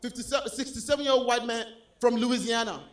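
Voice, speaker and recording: A Nigerian man with a Nigerian accent doing a stand-up comedy set on stage, animated, swinging between loud punchlines and low asides. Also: fast. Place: comedy club stage with a live audience.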